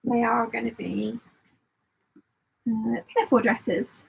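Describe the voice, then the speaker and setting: A woman's voice: fairly high pitch, fairly even intonation, takes it slowly, gravelly, dull audio, a little hiss or hum. A woman hosting a casual sewing live stream, chatting and rambling as she thinks aloud and answering viewer comments. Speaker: sewing channel host.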